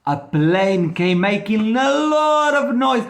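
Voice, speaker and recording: Slow, lively man teaching children. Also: sits high, creaky, echoey room. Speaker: ESL teacher. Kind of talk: children's phonics lesson and storytelling.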